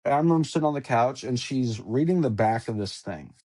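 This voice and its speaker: Male podcast guest, mid pitch, intense rambling storyteller, swears a lot. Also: lively intonation, fairly quick, warm tone. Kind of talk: casual storytelling.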